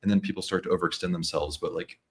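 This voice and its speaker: Deep voiced guy chatting about loans, laid back, lots of ums. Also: rapid-fire. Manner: relaxed advice-giving, many fillers and restarts. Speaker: guest giving mortgage advice. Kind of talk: casual livestream chat.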